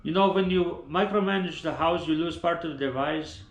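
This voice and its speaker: A man's voice: fairly high pitch, moderate pace, natural voice. A man voicing a pushy, chummy bro who keeps nagging a friend to come out. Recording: roomy echoing room.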